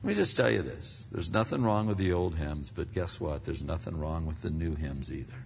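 An older man from Pennsylvania preaching a sermon as a pastor, talking conversationally and swinging between loud stretches and hushed ones. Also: low voice, animated, brisk, creaky, a little hiss or hum. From Pennsylvania, United States. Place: large church sanctuary. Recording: dull reverberant hall sound.

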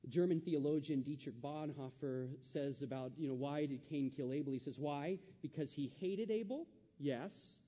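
A man's voice: on the high side, moderate pace, hardly any pauses, dark tone, long reverb tail, muffled recording. A male pastor preaching a sermon, acting out the quoted voices with rising intensity.

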